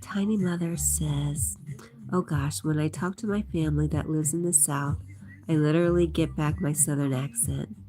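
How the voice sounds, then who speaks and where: A woman's voice: deep voice, fairly even intonation, moderate pace, mellow. A middle-aged woman hosting a livestream, chatting casually, reading viewer comments aloud, and laughing often. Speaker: livestream host. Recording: music playing in background.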